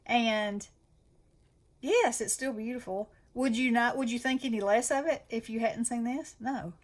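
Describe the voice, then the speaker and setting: A woman's voice: on the high side, unhurried. A woman with a Southern US accent chatting enthusiastically as host of a craft channel. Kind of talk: casual chat.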